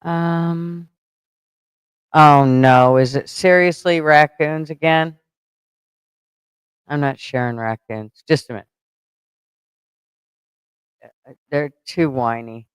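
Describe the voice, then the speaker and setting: A man's voice: on the high side, slow pace, pauses often, clear, resonant tone, no echo, poor audio. Man rambling aloud during a livestream. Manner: rambling, thinks aloud while fumbling with stream setup; blunt and profane, mock-scolding chat. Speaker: livestream host. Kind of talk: casual livestream chat.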